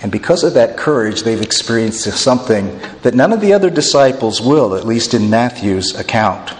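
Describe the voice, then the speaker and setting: A male pastor preaching an expressive sermon, swinging his voice up and down as he acts out the people in the story. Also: medium pitch, moderate pace. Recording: long reverb of a hall.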